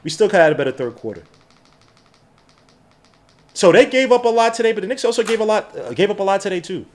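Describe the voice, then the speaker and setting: Animated New man, high lively voice. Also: fast. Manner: animated, excitable, slangy fan talk. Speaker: podcast host. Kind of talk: live sports watch-along chat.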